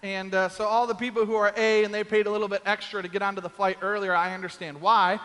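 A man's voice: high-pitched, flat delivery, quick pace, fairly bright tone, long reverb tail. A man preaching a sermon, telling a comic story and acting out the quoted voices. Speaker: pastor.

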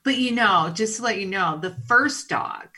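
Middle-aged woman, co-host, bright voice, lively anecdote teller. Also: medium pitch, normal speed. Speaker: podcast co-host. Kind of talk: casual chat.

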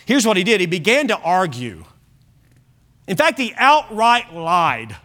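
A male pastor preaching an evening sermon, emphatic, with frequent restarts and softer asides. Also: high-pitched, huge pitch swings, a little slow. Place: church service.

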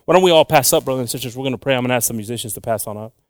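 A man's voice: medium pitch, rapid-fire, no room sound, studio quality. A man preaching a sermon as pastor, in a casual, rambling way, chuckling and restarting his sentences.

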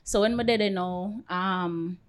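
Jamaican woman, podcast co-host, animated storyteller, slightly low voice. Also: unhurried, smooth. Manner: animated, acts out quoted voices. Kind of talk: casual storytelling chat.

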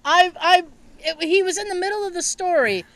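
A woman hosting a podcast, telling a family story in casual chat, animated and swearing freely with frequent laughter. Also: very high voice, moderate pace, slight background noise. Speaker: podcast host.

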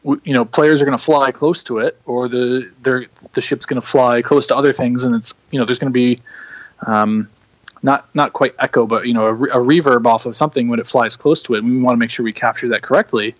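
A man in his own middle pitch guests on a podcast over a remote call, relaxed and agreeable and quick to laugh. His audio is dry and somewhat dull, with the top end cut away. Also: no room sound. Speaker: game producer guest. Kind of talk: casual interview chat.

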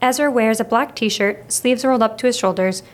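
A woman narrating a novel in first person, steady and expressive, as an audiobook reader. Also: fairly high pitch, normal speed.

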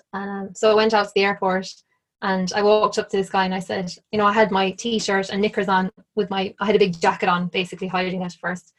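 Chatty Irish woman telling a story. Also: medium pitch. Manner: chatty, full of "like", acts out quoted lines. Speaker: interview guest. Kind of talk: casual storytelling.

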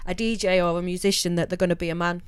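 A woman's voice: fairly low pitch, little pitch movement, fast talker, smooth, no room sound. A woman DJ co-hosting a radio show, talking bluntly and swearing freely in casual chat.

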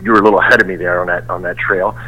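Bright-voiced comedian reminiscing. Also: male voice, low-pitched, little pitch movement, rapid-fire, breathy edge, rough recording. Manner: laughs easily, recounts with rambling restarts. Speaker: stand-up comedian. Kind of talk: casual chat.

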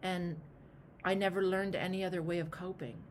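A woman voicing her own inner alcoholic, a pained, ashamed part of herself that speaks haltingly and turns tearful. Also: lowish voice, fairly even intonation, a little hiss or hum, lightly acted. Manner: halting, hurt, then tearful and apologetic.

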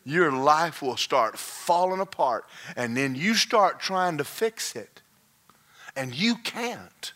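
A male pastor preaching a sermon, swinging from folksy joking asides to shouted, singsong climaxes. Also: fairly high pitch, expressive, slow.

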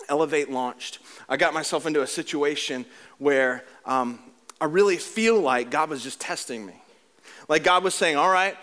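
A man preaching a sermon in a slightly high voice. He jokes with the crowd in a lively way, then sinks into a quieter, earnest delivery. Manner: animated and joking, then dropping to a low earnest tone. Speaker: pastor.

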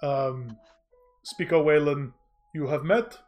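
A man doing a halting villager. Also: a little high, darkish tone, soft background music. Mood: explaining. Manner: halting, broken phrasing. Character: earnest local villager, explaining.

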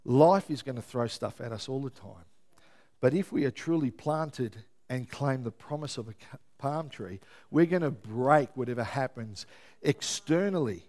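A man preaching a sermon as pastor, lively and often checking in with his listeners. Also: mid-range voice, moderate pace. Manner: lively, keeps checking in with the congregation.

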